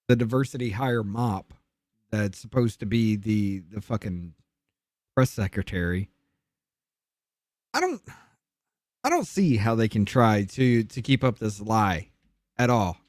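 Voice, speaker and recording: A man with a lowish voice makes blunt, sardonic remarks in a casual podcast chat. He sounds easygoing, and the recording is dry and close. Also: darkish tone, no echo. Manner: laid-back, sardonic, blunt. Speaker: podcast co-host.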